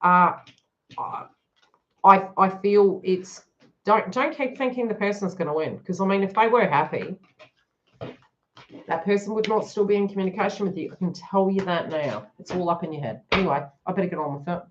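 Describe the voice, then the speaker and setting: A woman's voice: lowish voice, normal speed, lo-fi sound, slight background noise. A woman giving a live card reading to her viewers, talking frankly and joking as she goes. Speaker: tarot reader.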